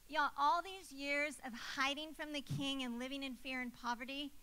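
A woman's voice: high voice, fairly even intonation, moderate pace, bright, forceful tone, low-quality recording. A young woman preaching a sermon, emphatic and repeating key phrases for effect.

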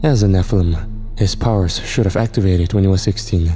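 A man narrating a first-person horror story in a steady, reflective way. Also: low-pitched, brisk. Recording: reverb with faint music.

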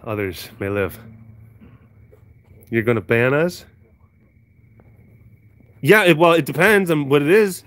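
Bright, playful man hosting a live stream. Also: fairly high pitch, lively intonation, slow pace, long pauses, dry recording. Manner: playful, teasing, laughing often. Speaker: livestream host at a big cat facility. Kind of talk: live stream chat, reading viewer comments.

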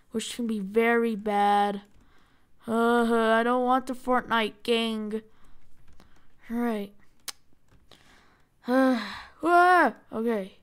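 A female gamer giving excitable live commentary on her play and talking to her viewers. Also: sits high. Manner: excitable, talks to the game and viewers. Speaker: gaming channel host.

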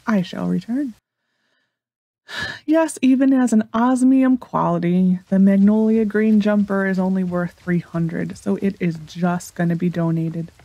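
A woman hosting a let's play, chatting casually and thinking aloud as she corrects herself, recorded on a desk microphone set a little loud. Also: mid-range voice, steady tone, measured pace, no room sound, dull audio. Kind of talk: casual gameplay commentary.

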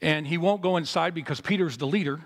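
A man preaching in a chapel in a fairly high voice with a gravelly, husky grain. He tells the story in an animated way, rising loud and then falling low and quiet. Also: quick pace, big-room sound. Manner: animated storytelling with big swings in pitch and loudness. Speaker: pastor. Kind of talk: sermon at a memorial service.

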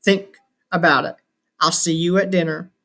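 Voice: medium pitch, fairly even intonation, moderate pace, vocal fry, a bit bright. Brief: reader doing an overprotective storybook mom, teary and stern, insistent, scolding. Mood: urging. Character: anxious overprotective mother, tearful and stern.

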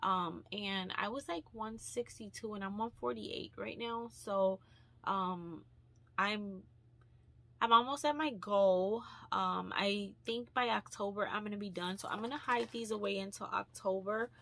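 A young adult woman vlogger chatting casually, gushing over gifts and filling pauses with ums and likes. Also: mid-range voice, creaky, pushed and bright. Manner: chatty, gushing, with many fillers. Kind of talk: casual vlog chat.

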